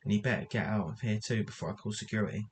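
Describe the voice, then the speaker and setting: A man's voice: fairly low pitch, fast, a little hiss or hum, lightly acted. A man reading the lines of a defensive, snarling man caught out and lashing back, in a storybook reading. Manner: snarling, dismissive.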